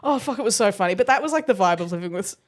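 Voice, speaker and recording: A woman co-hosting a podcast, telling an animated story with frequent laughter in a casual chat. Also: medium pitch, rapid-fire. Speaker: podcast co-host.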